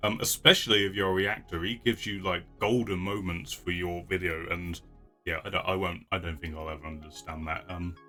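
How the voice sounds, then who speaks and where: A man's voice: low voice, moderate pace, sharp tone, faint music behind. A man vlogging casually to his viewers, rambling with frequent restarts and laughs. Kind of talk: casual chat.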